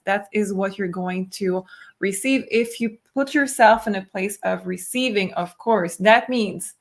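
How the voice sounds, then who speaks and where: Woman, losing her voice, tarot reader, earnest advice, casual chat. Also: mid-range voice. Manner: earnest advice, self-correcting.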